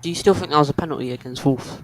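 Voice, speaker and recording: A man's voice: fairly high pitch, racing, a bit bright, soft background music, poor audio. A man making dry, challenging remarks in casual football chat. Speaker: co-host on stream.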